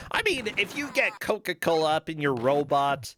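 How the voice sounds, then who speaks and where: A man's voice: a little high, moderate pace, hardly any pauses, noisy background. A man hosting a casual game stream, commenting playfully on the action and cracking jokes. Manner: playful, jokey, animated. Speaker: stream host.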